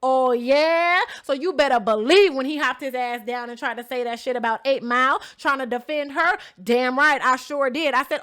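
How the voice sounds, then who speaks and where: A woman's voice: high voice, moderate pace, hardly any pauses, a bit bright. A young woman vlogging, telling a story in a sassy, blunt, profane way and talking straight to her viewers. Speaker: vlogger recapping a reality show she competed on. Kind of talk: animated storytelling vlog.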